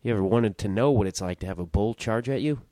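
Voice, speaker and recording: A man's voice: lowish voice, fast, warm tone, no echo. A young man hosting his own podcast, telling a story in a rambling, self-interrupting way and swearing casually. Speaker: podcast host.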